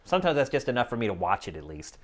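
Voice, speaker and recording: A man's voice: mid-range voice, big pitch swings, racing. A man co-hosting a gaming podcast, chatting casually and laughing often as he talks. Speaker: podcast co-host. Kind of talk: casual chat.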